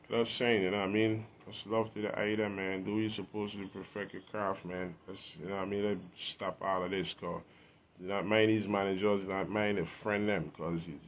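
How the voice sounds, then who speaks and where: Emphatic Virgin Islands man. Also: on the low side. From U.S. Virgin Islands, Saint Thomas. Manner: preachy, emphatic, often rising loud and emphatic. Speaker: interview guest, musician. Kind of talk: casual reasoning talk.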